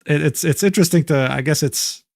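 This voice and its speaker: A man's voice: on the high side, a little fast, creaky, a little mellow, no echo, studio quality. A young man streaming live, reacting to a document in loose, rambling commentary full of slang fillers. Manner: rambling, filler-heavy slang with "bro" and "dude".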